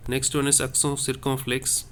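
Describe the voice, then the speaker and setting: A man's voice: medium pitch, monotone, moderate pace, fairly bright tone, slight background noise. A man teaching a lesson on French accents, explaining patiently and repeating each point step by step.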